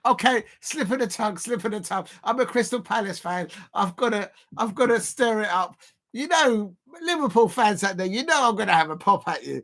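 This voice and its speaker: A man streaming a football watch-along, chatting casually and bursting into excited shouts at the match. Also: high voice, brisk. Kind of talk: casual live commentary.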